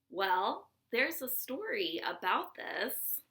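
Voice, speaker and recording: A woman reading a picture book aloud and talking gently to children about the signs of spring. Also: medium pitch, slow pace. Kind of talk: children's read-aloud and nature talk.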